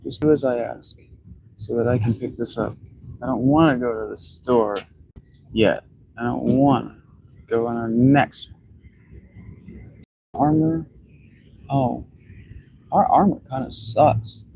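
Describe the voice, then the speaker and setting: A man's voice: mid-range voice, slow, vocal fry, pauses often, darkish tone, slight background noise, rough recording. A man giving blunt, rambling commentary while he plays a video game. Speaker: gaming streamer. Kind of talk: casual commentary while playing.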